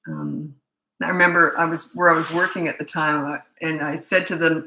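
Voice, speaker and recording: A middle-aged woman parenting coach answers questions in a live Q&A. Her voice is lowish and very bright, and her talk is blunt, candid and chatty. The room around her sounds echoey. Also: fairly even intonation, normal speed.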